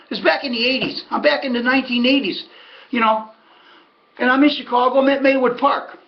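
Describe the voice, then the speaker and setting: A middle-aged American man with a very high, creaky voice rambles through a casual monologue, spinning stories full of folksy asides. He's a horse racing handicapper and host with a chatty storyteller's manner. The recording has its highs cut off.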